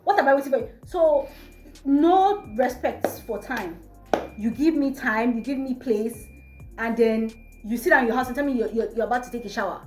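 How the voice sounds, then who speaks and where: A young woman with a Nigerian accent, telling a storytime vlog in an animated, exasperated way. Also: on the high side, quick pace. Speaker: vlogger. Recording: echoey room, faint music.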